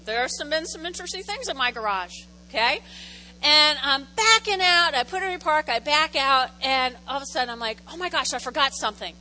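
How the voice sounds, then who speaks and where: A woman's voice: high-pitched, animated, a little fast, pushed and bright, slight background noise, low-quality recording. A middle-aged woman pastor preaching a conversational sermon in a church, telling stories animatedly and repeating phrases for effect. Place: church sanctuary.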